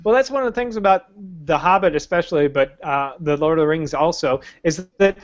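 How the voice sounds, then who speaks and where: A man's voice: fairly high pitch, brisk, no room sound, dull audio. A man co-hosting a podcast in casual chat. He swears freely and mimics characters by pushing his voice up. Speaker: podcast co-host.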